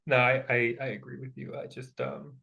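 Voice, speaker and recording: A man's voice: mid-range voice, flat delivery, moderate pace, gravelly, pushed and bright. A man co-hosting a movie podcast, ranting in a casual, exasperated way with lots of fillers. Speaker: podcast co-host.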